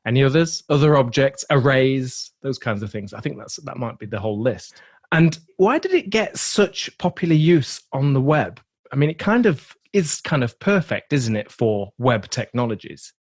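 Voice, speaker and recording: Man, podcast host, casual chat, animated intonation, laughs a lot. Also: mid-range voice, normal speed. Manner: playful, self-deprecating, laughs often.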